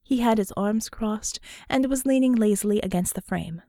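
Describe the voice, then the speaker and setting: A woman narrating an audiobook in a wry, even storytelling manner. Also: mid-range voice, normal speed, hardly any pauses, no room sound, studio quality. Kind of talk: scripted narration.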